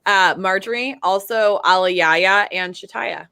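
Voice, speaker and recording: Bright, crisp-voiced rambling woman. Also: medium pitch, measured pace, dry recording. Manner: bubbly, rambling, many fillers. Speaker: guest. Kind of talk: casual fan chat.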